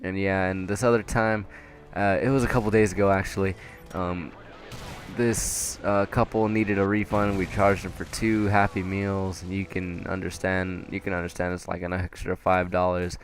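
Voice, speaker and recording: A young man working at a fast-food restaurant, telling work stories in a casual rambling way with frequent chuckles. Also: low voice, little pitch movement. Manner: rambling, laughing often, lots of fillers. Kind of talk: casual storytelling vlog.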